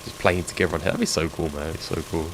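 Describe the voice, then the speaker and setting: A man's voice: very deep voice, fairly even intonation, racing. A man chatting and joking with viewers while he streams a game. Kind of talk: live gameplay stream chat. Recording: game sound noise behind.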